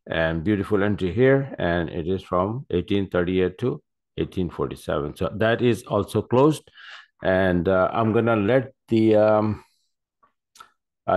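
A man talking casually over his screen while reviewing his trades, rambling with many fillers and correcting himself as he goes. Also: sits low. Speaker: forex trader. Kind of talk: casual screen-share trading commentary. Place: at a desk by his computers.

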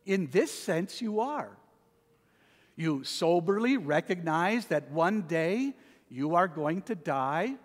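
A man preaching a sermon in a church, swinging from a soft hush to loud proclamation. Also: high voice, expressive, slow, in a large hall. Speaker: pastor. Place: church sanctuary.

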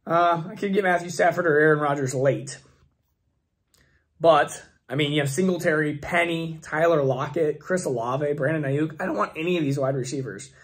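Hoarse guy talking fantasy draft picks, bit higher voice, rambly and restarting a lot. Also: normal speed. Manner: rambling, restarts often, thinks aloud. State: hoarse, voice failing. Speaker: fantasy football channel host. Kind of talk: casual mock draft commentary.

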